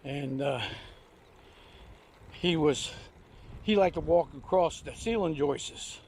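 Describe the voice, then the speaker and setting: A man's voice: on the high side, slow, darkish tone, slight background noise. An older man telling rambling, folksy anecdotes in homespun speech while out on a trike ride. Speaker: vlogger. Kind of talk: casual storytelling while riding. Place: outdoors on a recumbent trike ride.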